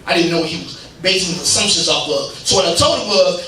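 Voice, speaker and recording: A male stand-up comedian with a high-pitched voice tells animated stories to a crowd. He is heard from a distance in an echoey legion hall, with loud room noise under his voice. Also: fast, hardly any pauses. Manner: animated storytelling, voices friends in quoted asides. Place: legion hall stage, live audience. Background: audience laughter.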